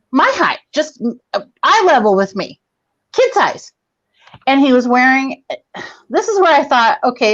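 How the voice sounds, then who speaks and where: A woman in her forties with a fairly high voice tells a rambling, profane story. The sound is dull and lo-fi, close and dry. She talks casually and animatedly over a video call. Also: dry recording. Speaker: guest comedian.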